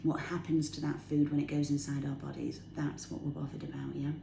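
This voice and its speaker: Talking a little fast in a low-sitting voice with a level tone and some vocal fry, this fitness vlogger chats to camera about healthy eating from her kitchen at home. She's bubbly, enthusiastic and laughs as she talks to her viewers. Background noise can be heard in the echoey room, which has a faint ambience.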